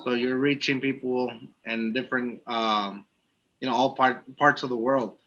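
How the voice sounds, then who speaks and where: A man's voice: medium pitch, fairly even intonation, normal speed, a bit bright, dull audio. A young man co-hosting a podcast, joking around and reading out listener questions in casual chat. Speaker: podcast co-host.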